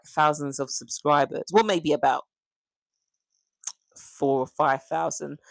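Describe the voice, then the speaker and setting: British woman livestream host, low-pitched, dry close recording. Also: creaky, no echo. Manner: chatty, warm to viewers, animated laughs and pitch jumps. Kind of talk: casual livestream chat reading comments.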